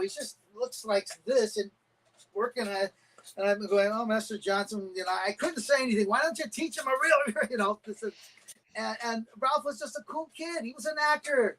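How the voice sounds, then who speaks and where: Animated middle-aged man telling stories. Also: high voice, low-quality recording. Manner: animated anecdotes with acted-out quotes. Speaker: guest, karate champion and stuntman. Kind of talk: casual storytelling interview.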